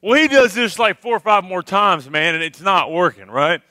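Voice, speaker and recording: A man telling a funny camp story to a youth crowd as a former youth minister, animated and tagging his sentences with "okay? all right?". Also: high-pitched, moderate pace, dry recording. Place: live youth camp worship service.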